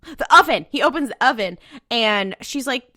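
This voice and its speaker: A woman's voice: a little high, lively intonation, normal speed, pushed and bright, dry recording, studio quality. A woman co-hosting a podcast, recapping an episode in a breezy, profane way with lots of filler words. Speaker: podcast co-host. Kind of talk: casual rewatch podcast chat.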